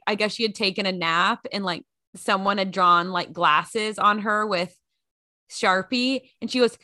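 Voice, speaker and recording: A woman's voice: medium pitch, unhurried, sharp tone. A young woman from Texas co-hosting a casual podcast, a former TV news reporter who trades playful one-liners and joking asides. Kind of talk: casual chat.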